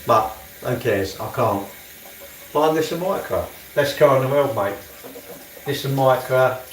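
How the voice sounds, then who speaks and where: A man's voice: medium pitch, takes it slowly, a little hiss or hum. A man live-streaming from his home kitchen, rambling casually and muttering to himself as he does chores. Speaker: livestreamer. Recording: echoey room, mic set far off.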